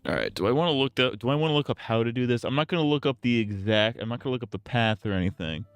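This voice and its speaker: Male streamer, young, smooth resonant voice, mid pitch, rambling and profane self-talk during gameplay. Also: very animated, rapid-fire, no echo. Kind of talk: casual gameplay livestream commentary.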